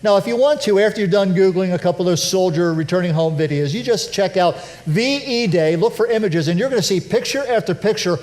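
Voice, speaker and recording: High-voiced, animated male pastor preaching. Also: a little fast, hardly any pauses. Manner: conversational, animated preaching with self-deprecating humor. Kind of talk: sermon. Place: church sanctuary.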